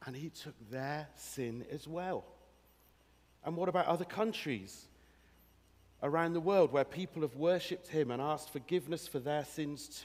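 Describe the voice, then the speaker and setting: Lively preacher in an echoing church hall. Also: male voice, fairly high pitch. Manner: animated storytelling, acting out scenes with the congregation. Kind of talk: sermon. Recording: long hall reverb.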